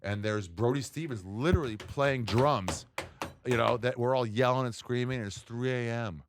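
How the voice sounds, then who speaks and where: A man, a comedian guest, telling stories in casual chat, lively and laughing often as he acts out what others said. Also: mid-range voice, moderate pace, slight background noise. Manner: animated storyteller, acts out quotes, laughs often. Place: tent.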